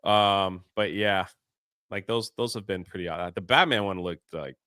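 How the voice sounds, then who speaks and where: A man co-hosts a casual podcast chat, playful and teasing. His low voice, at normal speed, sounds pushed, bright, clear, and resonant, captured in a dry, clean studio recording.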